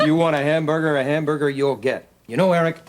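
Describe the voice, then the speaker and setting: A man's voice: fairly high pitch, fast talker, lightly acted. An actor playing an older grandfather, genial but controlling, in an amateur audio drama. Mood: jovial. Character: doting bossy old grandfather. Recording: noticeable background noise.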